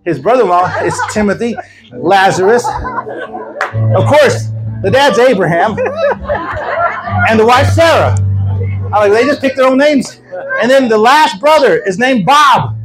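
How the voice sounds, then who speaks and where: A man preaching a sermon as an evangelist at a church service, telling stories in a lively, joking way. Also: very high-pitched, measured pace, long pauses, over music, low-quality recording. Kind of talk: sermon with storytelling.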